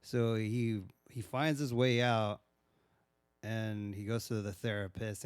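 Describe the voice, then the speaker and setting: A man's voice: lowish voice, unhurried, clean tone, no room sound, clean studio sound. A man casually recapping a horror movie, swearing freely and acting out the characters' lines as he goes. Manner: profane, animated retelling with acted-out quotes. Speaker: movie reviewer.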